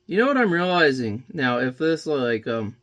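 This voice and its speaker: A man's voice: on the high side, sing-song, moderate pace. Rambling man chatting while he paints. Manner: rambling, joking, then quietly reflective. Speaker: painting vlogger.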